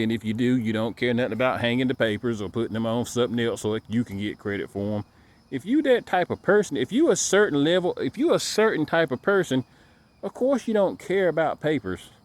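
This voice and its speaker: A man giving a casual ranting monologue to camera, emphatic and repetitive, stumbling over repeated words. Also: medium pitch. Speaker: dog breeder vlogger.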